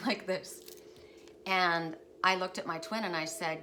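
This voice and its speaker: A woman's voice: fairly low pitch, normal speed. A woman reading oracle cards at home, telling a spiritual story in a rambling, digressive way that keeps correcting itself. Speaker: oracle card reader. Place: her home by a lake. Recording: steady background noise.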